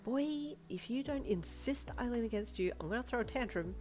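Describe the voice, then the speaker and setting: A woman playing a dramatic young woman with deadpan humor, lifting her voice well above her own. Read as fanfiction audiobook narration over faint music. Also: on the high side, normal speed, voice pushed up, natural voice. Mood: emotive.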